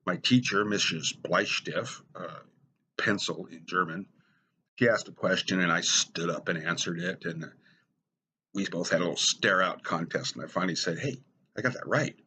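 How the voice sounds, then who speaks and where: A middle-aged American man telling wry personal stories in a dry, deadpan stand-up style. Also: low-pitched, slight background noise. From United States. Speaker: storyteller.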